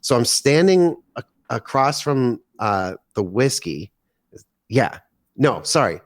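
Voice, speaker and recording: A man in his forties, a podcast guest, telling a long story with excitement, swearing casually and acting out what people said. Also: mid-range voice, takes it slowly, no echo, clean studio sound. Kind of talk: animated storytelling in casual chat.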